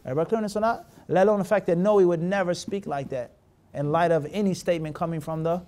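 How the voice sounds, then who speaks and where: A man's voice: high-pitched, quick pace, a little mellow. A man teaching a classroom hadith lesson, mixing Arabic terms into his English and often stopping to check that his students follow. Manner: asks the class rhetorical check questions. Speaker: Islamic teacher.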